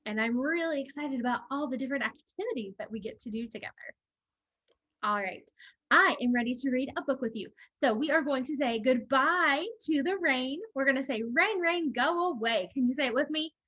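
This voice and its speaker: A woman librarian leading a children's storytime, reading a picture book aloud in a slow, animated way and asking the young listeners questions. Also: sits high, dry recording, highs cut off.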